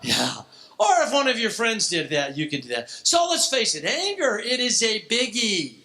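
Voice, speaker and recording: Animated, bright-voiced older youth speaker. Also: male voice, sits high, normal speed. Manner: joking, theatrical, exaggerated shifts in delivery.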